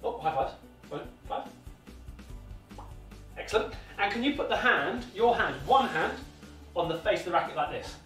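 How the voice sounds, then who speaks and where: Coaching a toddler in tennis, this British man speaks in a high, fairly bright, animated voice at a moderate pace with frequent pauses. He's encouraging and sing-song, repeating his instructions, in an echoey room recorded from afar with faint music.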